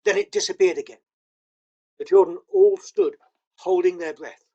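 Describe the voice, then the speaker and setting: A man's voice: high-pitched, normal speed, dull audio. Man reading a children's story. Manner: expressive storytelling. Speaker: audiobook narrator. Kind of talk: reading a children's novel aloud.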